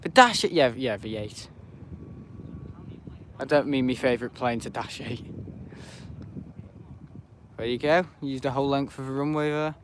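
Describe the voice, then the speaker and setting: A man's voice: medium pitch, moderate pace, pauses often, background noise. A man giving rambling, chatty live commentary while planespotting outdoors beside an airport, often correcting himself. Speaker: planespotting livestreamer.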